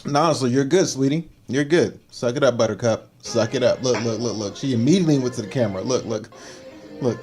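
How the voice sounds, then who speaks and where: A man hosting a livestream, giving teasing, animated reaction commentary on videos and repeating slang tags. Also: mid-range voice, fairly quick, faint music behind. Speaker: livestream host.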